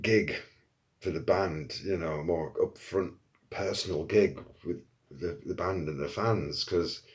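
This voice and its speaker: A man telling a casual anecdote in an animated way, swearing often and acting out quotes. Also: deep voice, a little slow. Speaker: storyteller.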